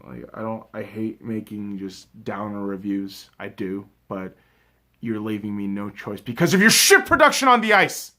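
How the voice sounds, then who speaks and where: A young man hosting his own hockey review, ranting with lots of swearing and swinging between shouted outbursts and low muttering. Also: lively intonation, moderate pace. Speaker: sports video host. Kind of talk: angry solo hockey game review.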